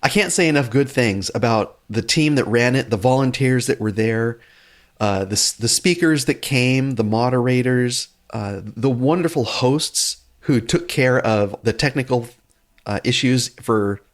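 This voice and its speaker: A man's voice: mid-range voice, measured pace. A man co-hosting a podcast, talking with enthusiasm and plenty of restarts. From North America. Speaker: podcast co-host. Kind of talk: casual podcast chat.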